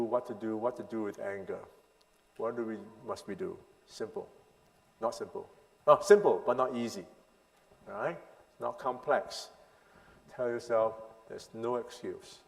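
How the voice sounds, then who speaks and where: Guy preaching to a congregation, mid pitch, big echoey church hall, punchy then quiet. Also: creaky. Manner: emphatic, rhetorical questions, swings between loud and hushed. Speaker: pastor leading a parenting seminar. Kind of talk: sermon-style teaching to a congregation. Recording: long hall reverb.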